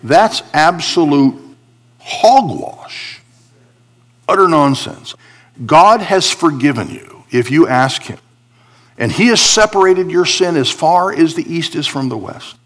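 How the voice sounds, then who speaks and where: A man preaching a sermon, swinging between emphatic high points and a quiet confiding tone as he explains Hebrew words from scripture. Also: takes it slowly. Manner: animated preaching, rising for emphasis, dropping to a confiding hush. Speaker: pastor.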